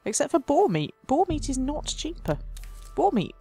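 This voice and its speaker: Lively woman narrating gameplay. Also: high voice, moderate pace, gravelly, faint music behind. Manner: playful mock-dramatic, laughs often. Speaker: let's play host. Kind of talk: gameplay commentary.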